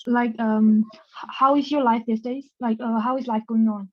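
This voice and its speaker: A woman's voice: fairly high pitch, steady tone, moderate pace, no echo. A woman student answering a teacher's question during an online class. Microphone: video call. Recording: dull, dry video call audio.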